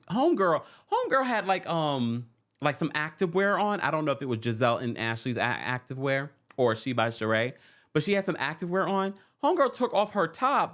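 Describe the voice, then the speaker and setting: A man's voice: a little high, a bit bright. A man hosting a casual reality TV recap. He laughs often and acts out quotes from the show in put-on voices. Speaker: host.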